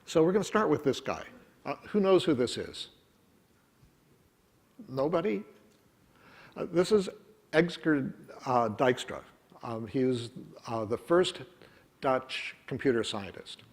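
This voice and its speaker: A man's voice: mid-range voice, animated, slow pace, long pauses. A middle-aged man giving a wry, conversational technical talk at a conference, full of ums and uhs. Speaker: conference speaker. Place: conference room.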